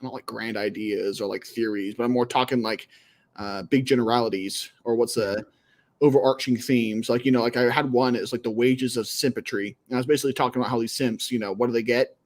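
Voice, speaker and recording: A man's voice: mid-range voice, steady tone, a little fast. A man hosting a livestream, chatting casually in a rambling way full of crude jokes. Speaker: livestream host.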